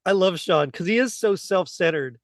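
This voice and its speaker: A man's voice: sits high, expressive, normal speed, dry recording, clean studio sound. A man appearing as a podcast guest who chats casually, agrees easily and laughs a lot. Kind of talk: casual chat.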